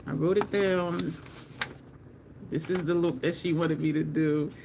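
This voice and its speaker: A woman hosting a makeup livestream from home, talking slowly and rambling while she greets viewers from the chat. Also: deep voice, fairly even intonation, darkish tone, slight background noise.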